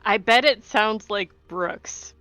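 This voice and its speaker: A woman player in a tabletop game who speaks slowly in a bright, sharp-edged voice. The recording is dry and close, with faint music behind her. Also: medium pitch, dry recording. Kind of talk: casual game chat.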